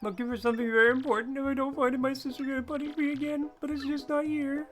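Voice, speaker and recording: A man's voice: very high-pitched, level tone, fast talker, fairly bright tone, soft background music, voice pushed up. A man voicing a timid young shadow girl from a video game who frets about being punished. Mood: fretful. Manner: pleading, worried.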